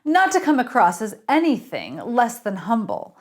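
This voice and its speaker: A woman's voice: fairly high pitch, normal speed. Woman reading her own story aloud. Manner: expressive, lively reading with character voices. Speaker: author reading her novel.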